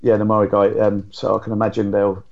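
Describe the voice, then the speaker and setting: A man co-hosting a podcast in a relaxed, agreeable casual chat. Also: on the low side, fast. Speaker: podcast co-host. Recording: dull lo-fi audio.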